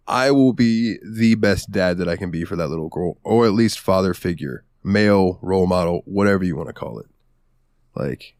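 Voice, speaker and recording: Young male podcast host, low pitch, candid and heartfelt, dead-dry mic. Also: darkish tone, dry recording. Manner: candid, emotional, swears casually. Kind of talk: casual podcast chat.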